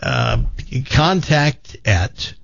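A man's voice: a little high, huge pitch swings, extremely slow, vocal fry, fairly bright tone, no echo, highs cut off. A man with a Southern American accent hosting a radio show, chatting and reading ads with jokey asides. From Tennessee. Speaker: radio host. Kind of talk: radio talk and live ad read.

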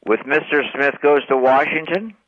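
A man calling in to present a radio trivia segment with a lively quiz-master delivery. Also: on the high side, normal speed. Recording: dull lo-fi radio line.

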